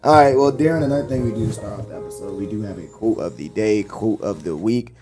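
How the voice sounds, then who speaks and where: A man's voice: lowish voice, fast, music in the background. A man co-hosting a podcast, leading the segments in a laid-back, casual way. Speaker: podcast co-host.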